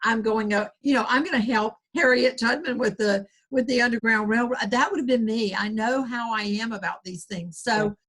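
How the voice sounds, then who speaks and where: A woman's voice: on the high side, moderate pace, few pauses, fairly bright tone. A woman with a Southern US accent, a guest author talking earnestly in a rambling interview, with many restarts. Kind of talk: conversational interview.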